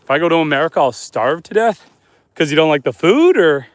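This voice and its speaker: A man from Canada, a homesteader livestreaming outdoors at night, reading viewer comments aloud and chatting back in a relaxed way. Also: fairly high pitch, a little fast, no room sound. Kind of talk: casual live stream chat.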